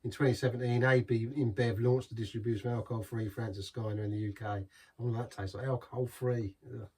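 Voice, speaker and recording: An English man talks through a beer review in a loose, rambling way, drifting off topic and chuckling at his own asides. His voice sits at an ordinary middle pitch, picked up from a little way off the microphone. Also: steady tone, quick pace, darkish tone, slightly rough, recorded from a distance. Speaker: beer reviewer, channel host.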